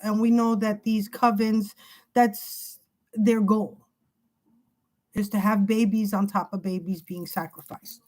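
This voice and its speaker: A woman's voice: medium pitch, flat delivery, normal speed, few pauses, darkish tone, poor audio. A woman giving an emotional tarot reading who talks in an agitated way, repeats herself and swears. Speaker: tarot reader. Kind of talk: emotional spiritual tarot monologue.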